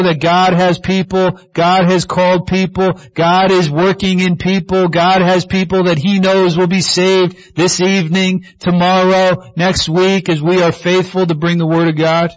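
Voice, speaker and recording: Man, pastor, sermon, animated preaching, higher voice, dry close sound. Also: normal speed, few pauses, no echo, lo-fi sound.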